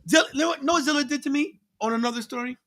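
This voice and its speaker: A high-voiced man co-hosts a live watch-along podcast. He is animated and laughs often. He addresses the chat directly between his opinions. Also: racing, vocal fry. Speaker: podcast co-host.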